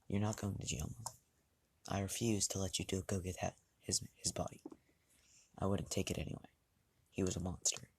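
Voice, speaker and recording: A man voicing a calm, determined teenage boy in a read-aloud fan story, speaking level and reassuring. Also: sits low, moderate pace, gravelly, long pauses, breathy edge, no room sound, exaggerated voice.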